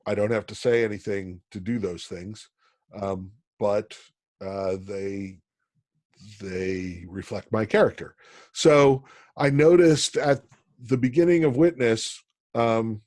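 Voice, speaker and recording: A man from Pennsylvania teaching an online college class, talking in a halting way with many ums and restarts. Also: mid-range voice, darkish tone, dry recording, clean studio sound. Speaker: college instructor.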